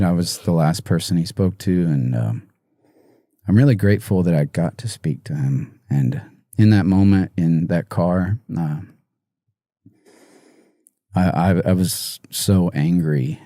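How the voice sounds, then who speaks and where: Man, very deep, dark mellow voice, halting, emotional, dry close sound. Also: no echo. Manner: halting, soft-spoken, many pauses and restarts. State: emotional, near tears. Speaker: musician guest. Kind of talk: emotional interview storytelling.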